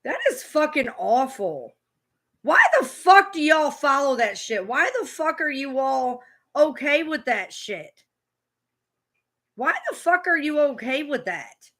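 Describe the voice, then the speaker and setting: A woman's voice: high-pitched, big pitch swings, takes it slowly, fairly bright tone. A woman streamer ranting at a clip she is reacting to, swearing hard and repeating herself. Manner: heated, swearing, repetitive. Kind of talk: profane livestream rant.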